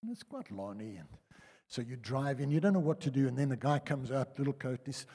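Older South African preacher in a hall. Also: male voice, medium pitch, fast, breathy edge. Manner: conversational storytelling, lively swings from loud to hushed. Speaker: pastor. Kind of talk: sermon. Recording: reverberant church hall.

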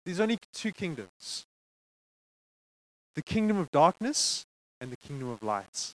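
A man preaching a sermon to a congregation, conversational and animated, checking in with frequent asides to the listeners. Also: a little high, measured pace, dry recording, rough recording.

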